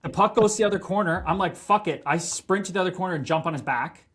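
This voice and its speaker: A man in his thirties, a hockey player telling stories on a podcast, animated, swearing and laughing as he goes. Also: sits high, racing, breathy edge. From Canada. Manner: animated, profane, laughing storyteller. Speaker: guest, pro hockey player. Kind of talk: casual podcast storytelling.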